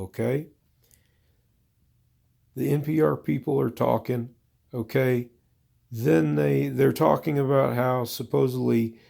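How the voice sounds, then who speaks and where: A man's voice: mid-range voice, creaky, mellow. A man delivering a profane, exasperated, rambling comedic rant to his viewers. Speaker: vlogger.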